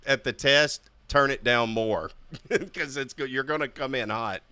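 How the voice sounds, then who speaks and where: A man's voice: mid-range voice, measured pace, pushed and bright, clean tone, no room sound. A man co-hosting a podcast, chatting casually and animatedly with a guest, laughing often. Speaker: podcast co-host.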